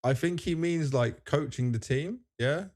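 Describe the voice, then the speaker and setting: A man's voice: fairly high pitch, a little slow, a little mellow. A man hosting a casual podcast, chatty and joking as he leads the conversation. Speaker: podcast host.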